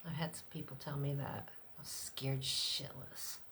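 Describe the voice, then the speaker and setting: A woman's voice: lively intonation, a little slow, few pauses, a bit bright, a little hiss or hum. A middle-aged woman talking candidly and rambling in a personal vlog, with fillers and the odd swear word. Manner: acts out other people's lines in a much higher voice. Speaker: vlogger. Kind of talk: unscripted personal vlog chat.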